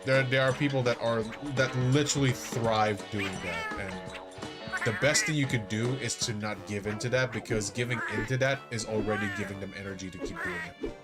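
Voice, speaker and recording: A man's voice: on the low side, a little fast, over loud music. A man streaming a game live, chatting to his viewers in a rambling, self-mocking way and laughing often. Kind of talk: casual live-stream commentary.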